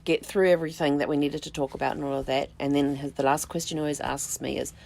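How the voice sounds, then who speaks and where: A middle-aged woman with a low, gravelly voice speaks straight to her viewers. She recalls a personal story slowly and reflectively, often stopping to restart a sentence or fill a pause with a soft "um.". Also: steady tone. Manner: reflective, unhurried, with halting restarts and soft fillers. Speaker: vlog host, family tree researcher.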